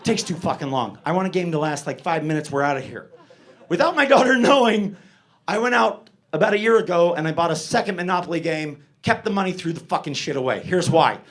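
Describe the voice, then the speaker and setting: A man's voice: a little high, animated, brisk, a bit bright. A middle-aged man doing a stand-up set, rambling and profane, laughing at his own jokes. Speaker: stand-up comedian.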